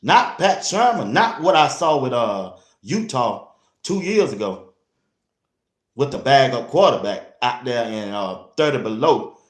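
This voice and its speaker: A man hosting a casual sports talk show, blunt and animated, speaking straight to his listeners. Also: medium pitch, a little slow. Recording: roomy echo.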